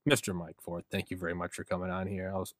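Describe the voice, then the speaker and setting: A man's voice: low voice, level tone, quick pace, dry recording. A man hosting a podcast in casual comedic chat, rambling and joking as he acts out imagined dialogue. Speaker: podcast host. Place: small apartment home studio.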